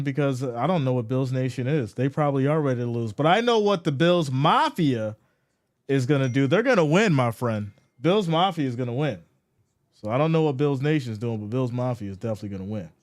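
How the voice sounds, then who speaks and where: A man hosts a casual live stream into a streaming microphone and reads viewer chat aloud. His voice swings hard between loud, hyped calls and soft, low asides. He keeps an easy, chatty delivery.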